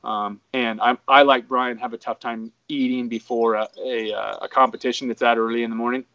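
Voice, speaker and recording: A man's voice: medium pitch, flat delivery, a little fast, pushed and bright, no room sound, dull audio. Man from Idaho, distant dry mic. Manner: chatty and joking, with fillers. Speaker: podcast co-host. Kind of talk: casual chat.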